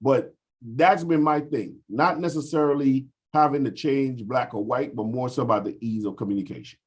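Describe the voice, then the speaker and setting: A man's voice: medium pitch, moderate pace, slightly rough. A man from the US Virgin Islands, talking over a video call in a casual group discussion and explaining at length with frequent fillers.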